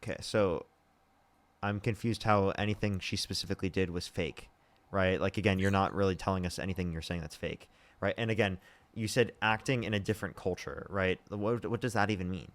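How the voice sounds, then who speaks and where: A man's voice: low voice, fairly quick. A young man hosting a live debate stream, arguing and pressing his guest with repeated questions. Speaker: debate show host.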